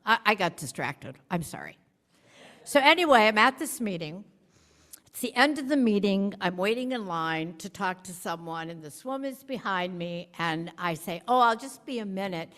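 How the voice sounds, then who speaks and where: A woman's voice: mid-range voice, lively intonation, moderate pace, fairly bright tone. A woman giving a chatty, self-deprecating storytelling sermon to a congregation, acting out the quotes she tells. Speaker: speaker at a congregation. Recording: long hall reverb.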